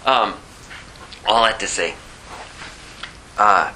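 A man's voice: lowish voice, very slow, bright, forceful tone, slight background noise, poor audio. A man giving an informal sermon as a Bible teacher, emphatic and conversational, repeating phrases for effect. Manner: conversational with asides.

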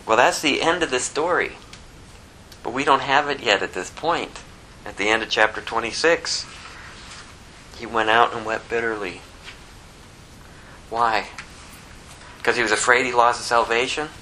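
A man preaching a sermon, reading scripture aloud with animated emphasis. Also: mid-range voice, measured pace, pauses often, slight background noise, rough recording. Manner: animated, quotes scripture in a rising voice, prays softly. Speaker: pastor.

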